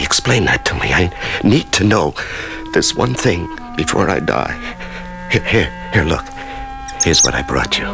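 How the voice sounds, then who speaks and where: An actor playing a shaken man long held prisoner in a dark cell, who stammers and halts as he speaks, with music playing behind him. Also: very deep voice, vocal fry, heavily acted. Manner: halting, stammering, emotional. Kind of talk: radio drama acting.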